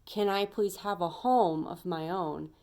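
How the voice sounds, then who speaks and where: A woman's voice: fairly low pitch, measured pace, a little mellow. A woman voicing a downtrodden man in a parable who doubts he deserves anything good. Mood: amazed.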